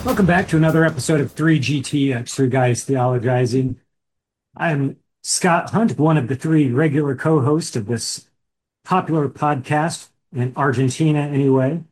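A man's voice: on the high side, normal speed, a little mellow. A man, co-hosting a casual podcast chat with joking asides and restarts. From Indiana. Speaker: podcast co-host.

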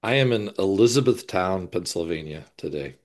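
A man from North Carolina who leads a seminary, chatting in a relaxed, matter-of-fact way. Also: low voice, normal speed. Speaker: seminary president, podcast co-host. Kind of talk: casual chat.

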